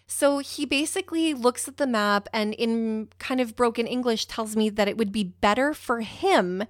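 A woman's voice: on the high side, normal speed, no room sound, studio quality. A young woman telling a personal story in a rambling, emotional way, with a few swear words.

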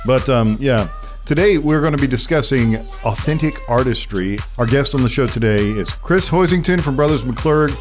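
A man's voice: mid-range voice, lively intonation, normal speed, faint music behind. A man co-hosting a faith podcast in casual, joking chat, often laughing. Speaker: podcast co-host.

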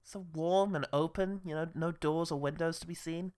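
A man's voice: on the high side, fairly even intonation, normal speed, a little mellow, smooth. A man co-hosting a casual film podcast, swearing freely and laughing often. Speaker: podcast co-host reviewing a film. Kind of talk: casual chat.

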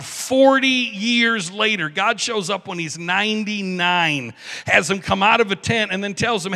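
A man preaching a sermon in a church with animated delivery, acting out biblical figures with joking asides. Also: high-pitched, normal speed, creaky. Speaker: pastor. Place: church sanctuary. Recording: reverberant church hall.

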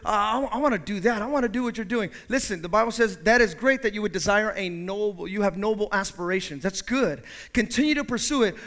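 A man preaching a sermon as pastor in a church, swinging from quiet asides to loud, emphatic peaks. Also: sits high.

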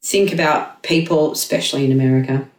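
A woman guest spinning an animated, everyday story as she explains dog behaviour, swearing casually. She sounds set back from the mic. The room around her is noticeably echoey. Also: very deep voice, brisk, recorded from a distance. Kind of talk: casual chat.

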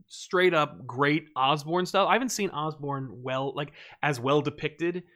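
Guy on a podcast just rambling casually, lots of likes and ums, retelling stuff all animated. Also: a little high, unhurried. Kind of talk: casual chat.

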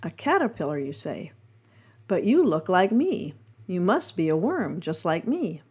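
A timid, stubborn male caterpillar who believes he is a worm, as a woman reads his part. He talks in an indignant, insistent way, with a soft and mellow tone. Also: on the low side, sing-song, a little slow, breathy edge, full character voice. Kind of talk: storybook reading.

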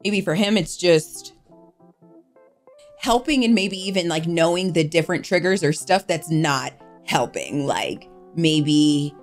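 A woman's voice: deep voice, expressive, a little slow, soft background music. A woman co-hosting a casual chat, talking openly and rambling a little. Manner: open, rambling, restarts often. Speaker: podcast co-host and vlogger.

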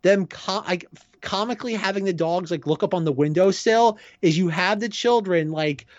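A man's voice: high-pitched, normal speed, dry recording. Rambling man recapping in a dull dry sound. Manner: rambling, animated, lots of fillers. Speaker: podcast co-host. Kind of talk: casual chat.

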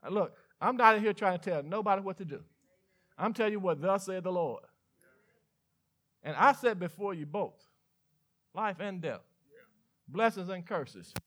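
A Southern man preaches from the pulpit in a high, forceful, bright voice. He teases his listeners with mock questions and quick asides, swinging between loud preaching and quiet confiding lines. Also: animated. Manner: preaching with call-and-response asides and playful mock dialogue. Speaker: pastor. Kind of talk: sermon.

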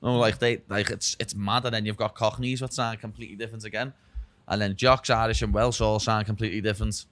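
A man's voice: on the low side, fairly even intonation, fast talker, fairly bright tone, no room sound. A man with a Scouse accent, a guest chatting casually, blunt and sweary, often adding 'lad' and 'know what I mean'. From England. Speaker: podcast guest. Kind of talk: casual chat.

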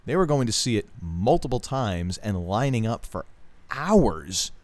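Man, middle-aged, low-pitched, podcast co-host, casual rambling chat, jokey. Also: big pitch swings, unhurried, dry recording. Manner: rambling, jokey, laughs while telling stories.

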